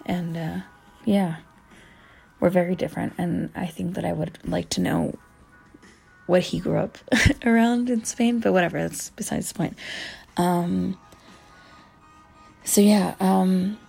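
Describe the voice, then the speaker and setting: A young adult woman telling a casual, animated story as a vlogger, full of "like" fillers and swearing. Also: lowish voice, a little slow, vocal fry, pauses often, slightly rough, faint music behind, poor audio. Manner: chatty, heavy on "like" fillers and swearing; animated, acts out quoted voices. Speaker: vlogger answering viewer questions.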